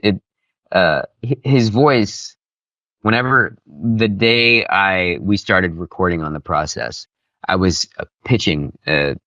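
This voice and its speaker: A man, a voice actor guest, chatting casually and enthusiastically in an interview, with animated, expressive delivery. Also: fairly low pitch, no room sound, lo-fi sound.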